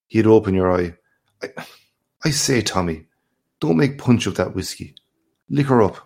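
Brief: male reader as a worldly, back-slapping journalist, deep gravelly voice, expansive storybook swagger. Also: animated, normal speed, darkish tone. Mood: boastful. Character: boastful worldly Irish journalist, man, middle-aged.

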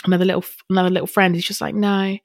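Candid, low-voiced woman podcaster. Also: little pitch movement, very fast, vocal fry, no echo, clean studio sound. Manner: chatty and heartfelt, full of "like" fillers and restarts; swears casually for emphasis. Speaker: podcast host. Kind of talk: candid personal podcast monologue.

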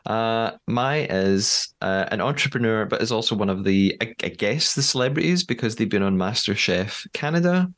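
A man's voice: lowish voice, animated, normal speed, few pauses, a bit bright. A man hosting a podcast in casual chat, chatty with frequent fillers and easy laughter. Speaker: podcast host.

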